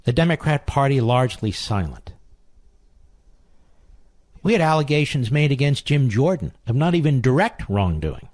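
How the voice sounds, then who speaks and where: A man's voice: medium pitch, sing-song, normal speed, pauses often, a little mellow, no room sound. Man, talk radio host, indignant monologue, repeats for emphasis, dry close sound.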